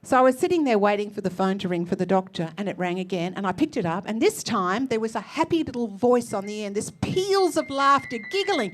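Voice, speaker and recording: An Australian woman telling a personal story on stage in a lively, expressive way, acting out the people she quotes. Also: mid-range voice, brisk, few pauses. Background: faint musical accompaniment.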